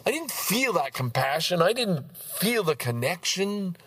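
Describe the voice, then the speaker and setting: A husky-voiced man in his sixties rambles to the camera, profane and ranting, his pitch leaping up in outbursts and dropping to mutters. His voice sits a touch high for a man. The sound is dry and close. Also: very animated, measured pace, no room sound. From Canada. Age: 60s. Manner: profane, ranting, swings between loud outbursts and low mutters. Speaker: vlogger. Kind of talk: casual rambling monologue. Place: outdoors in a park.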